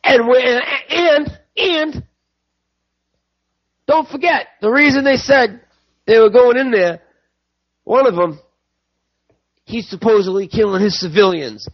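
A man's voice: very high voice, slow, pauses often, no echo, highs cut off. A man ranting angrily to his viewers about politics, swearing and repeating himself. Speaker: political commentator.

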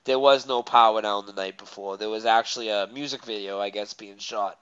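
A man talking as a guest in a casual chat, animated and rambling, often laughing mid-sentence. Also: lowish voice, fairly quick, crowd noise. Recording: muffled lo-fi audio.

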